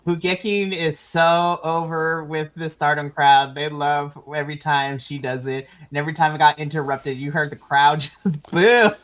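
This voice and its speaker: A woman's voice: low voice, flat delivery, normal speed, rough recording. A woman hosting a casual wrestling recap, gushing over favorites and laughing often. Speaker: podcast host.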